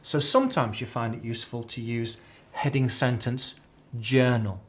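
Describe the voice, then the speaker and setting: A man's voice: mid-range voice, fairly even intonation, normal speed. A man teaching an accounting exam class, chatty and repeating key phrases as a drill. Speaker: accounting tutor. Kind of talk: live exam tuition lecture.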